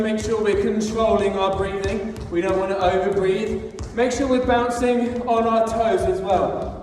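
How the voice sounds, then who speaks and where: A young man, a teacher, leading a children's fitness class, encouraging them and counting out the reps, a little out of breath. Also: sits high. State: slightly out of breath. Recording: echoey hall from far off, faint noise.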